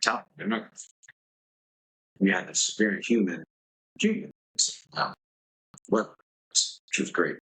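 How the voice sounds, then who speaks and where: A man's voice: lowish voice, very animated, measured pace, pauses often, a bit bright, slightly rough, poor audio. A man guesting on a podcast, telling a candid, rambling story and swearing casually. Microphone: podcast microphone.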